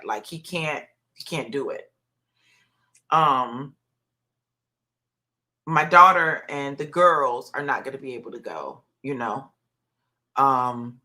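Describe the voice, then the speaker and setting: Casting: woman, 50s, low bright voice, heartfelt minister sharing testimony live on her phone. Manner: heartfelt, conversational, preacher-like, many fillers. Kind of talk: emotional personal testimony, live stream.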